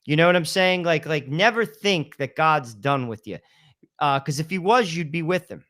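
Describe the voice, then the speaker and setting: Man, 50s, slightly high voice, bright, emphatic, casual faith talk, podcast co-host. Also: lively intonation, moderate pace. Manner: emphatic, repeats "listen" and "you know".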